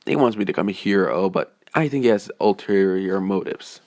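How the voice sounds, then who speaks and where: A man voicing a calm, polite young male vigilante with a wry, matter-of-fact way of talking. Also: deep voice, brisk, dry recording.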